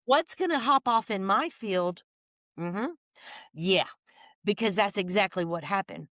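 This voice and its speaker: Podcast guest, woman, excited storyteller, dry close mic. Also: mid-range voice, unhurried, dry recording. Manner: lively, folksy, talks in bursts with restarts. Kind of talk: animated storytelling chat.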